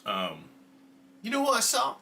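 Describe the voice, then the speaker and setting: A man's voice: very high-pitched, wildly swooping pitch, measured pace, vocal fry, sharp tone. A man hosting a casual livestream, rambling through stories with frequent laughs and swearing, sometimes dropping to a near whisper. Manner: loose rambling storytelling, frequent laughs and profanity. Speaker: streamer host.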